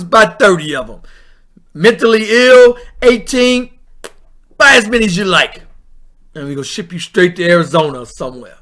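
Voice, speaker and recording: A man hosting a vlog, giving blunt, animated commentary on the news. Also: high voice, normal speed. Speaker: vlog host.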